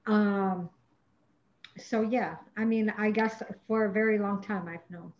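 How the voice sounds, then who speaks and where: A woman hosting a casual podcast conversation, relaxed and a little hesitant as she reflects. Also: medium pitch, unhurried. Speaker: podcast host. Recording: dull lo-fi audio.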